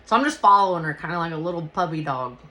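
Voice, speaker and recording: A woman hosting a podcast, telling a personal story in a casual, animated way and swearing freely. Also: fairly low pitch, fast talker. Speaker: podcast host.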